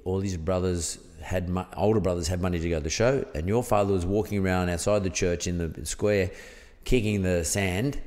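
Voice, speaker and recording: A man's voice: low voice, fairly even intonation, brisk, hardly any pauses, a little mellow, long reverb tail. An Australian man, a podcast guest, telling a story in a rambling, casual way full of fillers. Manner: rambling, peppered with "blah, blah, blah" and fillers.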